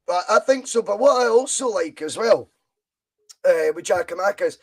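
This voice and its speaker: A Scottish man hosting a podcast, chatting about football in an animated, opinionated, emphatic way. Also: high-pitched, normal speed. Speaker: podcast host. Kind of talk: casual football chat.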